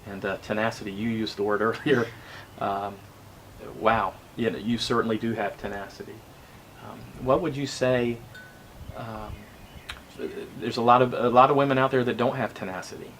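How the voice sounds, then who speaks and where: A man hosting a casual interview, reflective and halting, often repeating words as he gathers his thoughts. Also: on the low side, fairly even intonation, fairly bright tone, slight background noise. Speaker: interview host.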